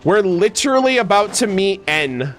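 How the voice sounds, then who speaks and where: A young man streaming his reaction to a game, emotional and exclaiming loudly as the story plays out. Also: high-pitched, sing-song, moderate pace, soft background music. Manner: emotional, loud exclamations and swearing. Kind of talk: excited gameplay reaction.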